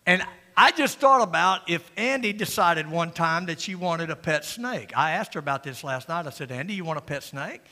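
An older man preaching a sermon in a folksy, joking way, moving between loud preaching and quiet asides. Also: a little high, lively intonation, normal speed, in a large hall. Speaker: pastor. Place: church sanctuary.

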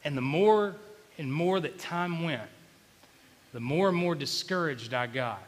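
A male pastor, preaching an emotional, confessional sermon that swings between quiet and loud. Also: fairly high pitch, long reverb tail. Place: church sanctuary.

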